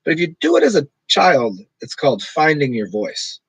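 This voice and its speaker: Husky, rambling man on a dry stream. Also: fairly high pitch, normal speed, dry recording, poor audio. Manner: rambling, self-described monotone delivery. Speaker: streamer talking to live chat. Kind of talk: casual rambling livestream chat.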